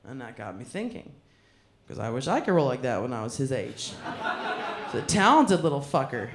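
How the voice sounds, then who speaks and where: Speaking at normal speed in an extremely low, sing-song voice, a female comedian does live crowd work over a noisy background. She teases the front row with crude jokes from the stage of a comedy club, where the recording echoes.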